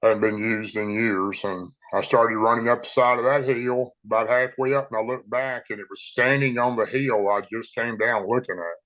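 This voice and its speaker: A man recounting his own encounter in a plain, unhurried, folksy way. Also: mid-range voice, steady tone, fairly bright tone, poor audio. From Tennessee, USA. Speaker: eyewitness storyteller. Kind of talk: personal account told aloud.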